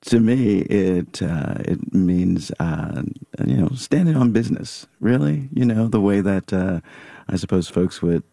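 A man with a very deep, gravelly voice talks easily as an interview guest, laughing often as he thinks aloud. His tone is husky and dark, heard close and dry with no room around it. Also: unhurried, dry recording. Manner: laughs easily, relaxed and reflective. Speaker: guest, playwright and actor. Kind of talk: casual radio interview chat.

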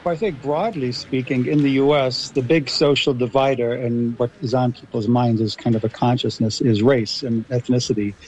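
A man's voice: mid-range voice, steady tone, normal speed, few pauses, a little mellow, a little hiss or hum, rough recording. A man with an American accent, explaining articulately as a guest in a radio discussion. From Los Angeles, US. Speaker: guest linguist.

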